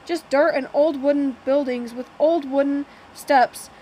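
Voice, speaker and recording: Woman narrating an audiobook, high voice, trips on words a lot, faint car noise behind. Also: fairly even intonation, a little slow, dark tone, low-quality recording. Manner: plain reading with frequent slips and restarts. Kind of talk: first-person novel reading.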